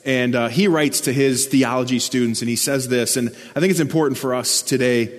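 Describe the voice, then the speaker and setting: A man's voice: medium pitch, fairly even intonation, a little fast. A man preaching a sermon, earnest and explanatory, lifting his voice to stress key words. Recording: long church reverb.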